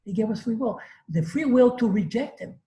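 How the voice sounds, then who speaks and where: A man's voice: extremely high pitch, lively intonation, brisk, mellow, reverberant, low-quality recording. A man leading a classroom discussion as course instructor, emphatic, repeating his points and laughing easily.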